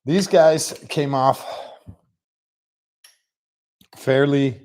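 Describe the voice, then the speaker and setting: A man's voice: medium pitch, slow pace, darkish tone, low-quality recording. A man in his garage, casually explaining a car repair in a chatty, rambling, self-mocking way, recorded on a laptop set on a rolling stool. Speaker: mechanic showing a repair. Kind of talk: casual workshop vlog. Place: home garage workshop.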